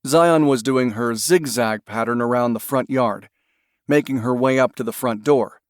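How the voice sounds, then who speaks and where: A man narrating an audiobook in a steady, measured storytelling manner. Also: medium pitch, clear, resonant tone, no room sound, studio quality.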